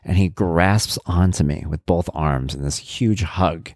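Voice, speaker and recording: A man's voice: deep voice, unhurried, a little mellow, no echo, studio quality. A middle-aged man hosting a podcast, talking candidly and reflectively in a casual monologue. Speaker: podcast host.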